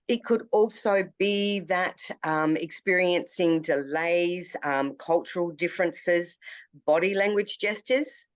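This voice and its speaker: A youth work trainer giving a conversational classroom lecture, repeating key phrases for emphasis. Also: mid-range voice. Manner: down-to-earth, conversational teaching.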